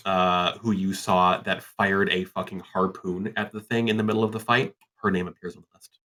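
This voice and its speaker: A man narrating a tabletop game as game master over an online call, relaxed and rambling. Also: sits low, moderate pace.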